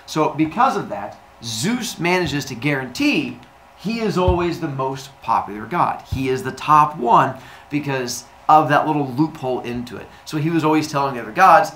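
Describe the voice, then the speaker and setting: A male teacher talks straight to his students in a loose, chatty way, peppering his sentences with "like." His pitch swings all over the place as he acts out little scenes. The room around him is echoey, with a faint hiss underneath. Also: animated, normal speed, fairly bright tone. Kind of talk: recorded remote lesson.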